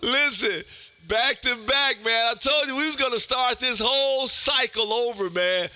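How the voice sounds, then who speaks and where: A man hosting a ham radio stream, loud and folksy, calling out for contacts. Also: very high voice, measured pace. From Texas.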